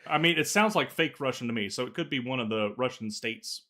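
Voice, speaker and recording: Male podcast co-host, bright forceful voice, chatty and opinionated, medium pitch. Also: expressive, fairly quick. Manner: opinionated, laughs at his own jokes, stammers on restarts. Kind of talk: casual chat.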